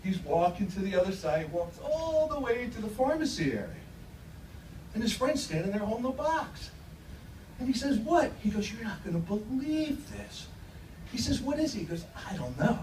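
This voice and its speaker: High, lively man telling jokes on stage. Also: normal speed, a little hiss or hum. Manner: animated storytelling, acts out characters' voices. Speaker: stand-up comedian. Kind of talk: stand-up joke telling. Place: comedy club stage. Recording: echoey club room from a distance.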